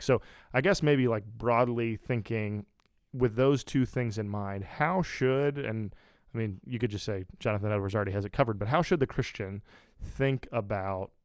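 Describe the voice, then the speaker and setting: A man's voice: on the low side, normal speed, no echo, clean studio sound. A man hosting a faith podcast, talking loosely with many fillers and restarts. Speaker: podcast host. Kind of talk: casual podcast chat.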